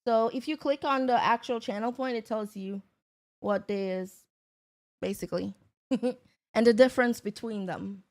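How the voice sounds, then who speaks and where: A woman hosting a livestream, chatting casually and greeting viewers by name. She takes her time with her words and keeps a relaxed, unhurried flow. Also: on the high side.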